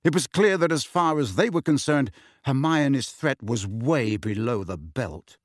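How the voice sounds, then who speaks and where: A man's voice: medium pitch, measured pace, no room sound, clean studio sound. A man narrating a novel expressively as an audiobook reader. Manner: lively, expressive storytelling. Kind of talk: scripted narration.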